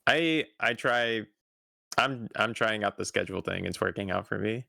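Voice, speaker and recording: Gravelly low-voiced young man, laid-back. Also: normal speed, bright, forceful tone, dry recording. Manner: laid-back, giggly, short reactions. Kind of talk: casual chat on a livestream.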